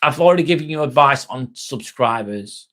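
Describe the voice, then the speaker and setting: A man's voice: medium pitch, animated, moderate pace, sharp tone. A young man hosting a casual livestream, reading viewers' comments aloud and answering them in a chatty, reassuring way. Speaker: livestream host. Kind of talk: casual live-stream chat reading comments.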